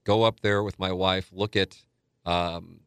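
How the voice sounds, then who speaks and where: Low-voiced man from South St. Louis. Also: measured pace, clean tone, no echo. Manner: animated storyteller who acts out quotes. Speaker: sports radio co-host and guest. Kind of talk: casual storytelling interview.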